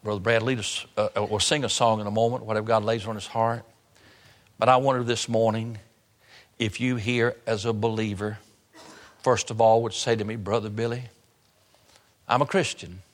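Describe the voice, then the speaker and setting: A man's voice: lowish voice, level tone. Brief: male pastor, sermon delivery, repeats lines and drags key words, long church reverb. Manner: preaching with repetition and sudden slow emphasis. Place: church sanctuary.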